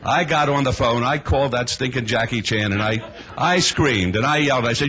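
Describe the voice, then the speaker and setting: A man serving as mayor, telling a story at a council meeting and acting out the quotes, with shouting at times. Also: medium pitch, fairly quick, few pauses.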